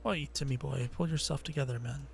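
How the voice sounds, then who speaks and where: A man's voice: medium pitch, fairly quick, gravelly, natural voice. An actor voicing a cheeky little male fairy sidekick in a video game, talking in a brash, teasing, slangy way. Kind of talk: video game cutscene voice acting. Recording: game audio with music behind.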